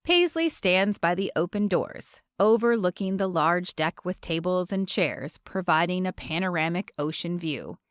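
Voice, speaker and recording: A woman narrating a romance audiobook in a measured, expressive reading from a close studio mic. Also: lowish voice, clear, resonant tone, no room sound.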